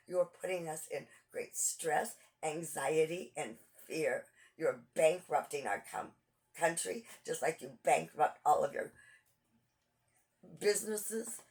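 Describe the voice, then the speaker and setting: A woman's voice: deep voice, takes it slowly, creaky, darkish tone. A woman giving a frustrated, urgent political monologue, repeating phrases as she pleads and rails. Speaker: political commentator.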